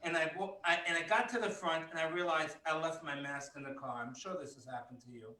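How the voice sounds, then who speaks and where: A man doing stand-up comedy over a video call, stammering and repeating words, with sudden bursts of shouting. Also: a little high, quick pace, reverberant, far from the mic, low-quality recording.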